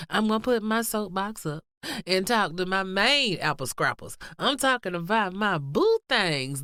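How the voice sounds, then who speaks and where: A woman's voice: lowish voice, no echo, studio quality. A woman from Georgia hosting a podcast, sassy and playful, laughing often and sounding a little nasal and congested from the cold. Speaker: podcast host. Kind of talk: casual chatty podcast intro.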